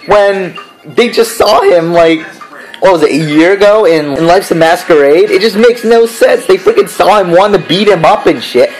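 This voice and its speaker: A man's voice: high voice, low-quality recording. A man giving a casual spoken review, ranting in an exasperated, profane way. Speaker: show reviewer.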